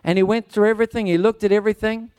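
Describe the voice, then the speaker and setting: A man's voice: sits high, steady tone, rapid-fire, a little mellow, clear, resonant tone. A man preaching a sermon, telling a personal story in an earnest, conversational way with frequent restarts.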